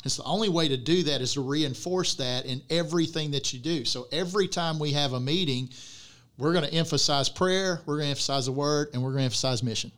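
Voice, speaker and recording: A man's voice: a little high, quick pace, a bit bright. A man who plants churches, in a casual podcast conversation, explaining his points at length. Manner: explains steadily in long run-on points.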